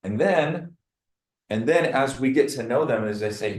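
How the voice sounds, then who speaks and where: A man leading his team in a meeting. He coaches them in a lively way and acts out dialogue with clients. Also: medium pitch, unhurried, echoey room, low-quality recording. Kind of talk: meeting talk. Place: meeting room.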